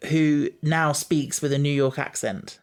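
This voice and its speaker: A man co-hosting a podcast in casual chat, eager and quick to laugh. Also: fairly high pitch, steady tone, smooth. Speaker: podcast co-host.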